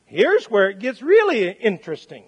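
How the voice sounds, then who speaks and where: A male pastor preaching a sermon, telling stories and swinging between loud and quiet. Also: high-pitched, normal speed, husky, muffled recording. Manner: storytelling with lively swings in volume. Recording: long church hall reverb.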